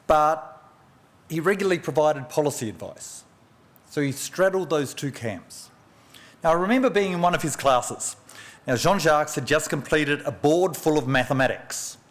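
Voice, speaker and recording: A man, an economist, delivering a formal memorial oration in a measured lecturing way, with rhetorical questions and personal anecdotes, at a podium microphone. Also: fairly high pitch. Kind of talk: formal public speech. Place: large function room at a press club.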